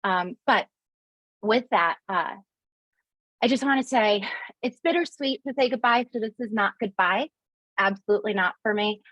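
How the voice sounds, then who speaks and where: A woman's voice: mid-range voice, dry recording, poor audio. Woman hosting a video call, dry sound. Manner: warm and emotional, halting with fillers. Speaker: webinar host. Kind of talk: casual farewell speech on a video call.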